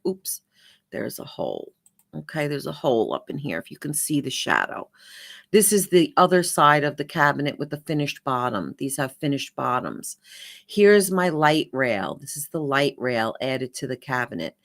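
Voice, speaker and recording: A woman's voice: low voice, a bit bright. A woman design educator explaining things step by step, often checking in with the viewer. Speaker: kitchen and bath design educator. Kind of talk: instructional explainer.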